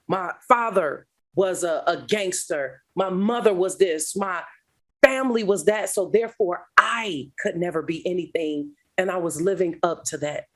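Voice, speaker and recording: A middle-aged woman, a guest speaker, telling a personal testimony in an animated, dramatic way. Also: on the low side. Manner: animated, dramatic retelling with laughter. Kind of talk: storytelling testimony.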